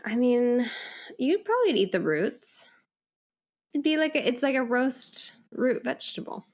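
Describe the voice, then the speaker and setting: A woman in her thirties co-hosting a podcast in casual chat, upbeat and quick to laugh. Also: sits high, big pitch swings. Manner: upbeat, giggly. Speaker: podcast co-host.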